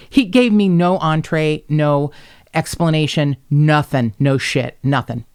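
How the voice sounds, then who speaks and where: A woman hosting a podcast, telling stories in a casual, animated way, blunt and quick to swear. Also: sits low, clean tone. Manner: animated, blunt storyteller who swears freely. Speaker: podcast host. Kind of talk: casual chat.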